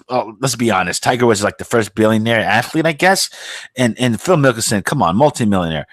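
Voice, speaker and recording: A man's voice: mid-range voice, huge pitch swings, fairly quick, no room sound. A man hosting a podcast, ranting in a heated, profane and outraged way. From United States. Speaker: podcast host.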